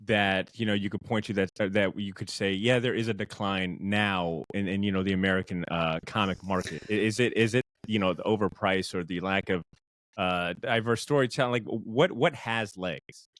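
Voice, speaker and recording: A man hosting a podcast interview, asking a halting question while he searches for words. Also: sits low, steady tone, a bit bright, dry recording. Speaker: podcast host.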